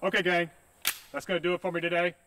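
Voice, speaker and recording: A man's voice: sits high, little pitch movement, fast, sharp tone, slight background noise. A man hosting a casual outdoor shooting vlog, hot and sweaty, talking in a laid-back, joking, plain-spoken way. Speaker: firearms video host.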